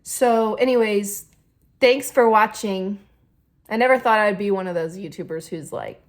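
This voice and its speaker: A woman, telling a casual storytime vlog from her home kitchen into a phone camera, fast and chatty with many likes and ums. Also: medium pitch. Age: 20s. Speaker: YouTuber. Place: home kitchen, seated by the fridge.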